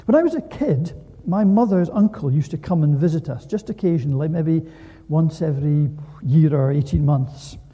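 A man preaching a sermon in an animated way, full of rhetorical questions, in a church. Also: fairly high pitch, moderate pace, slightly rough, long reverb tail, lo-fi sound.

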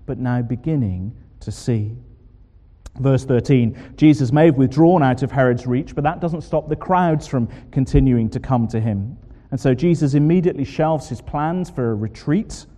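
A man preaching a sermon, expressive and full of rhetorical questions. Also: medium pitch. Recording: long hall reverb.

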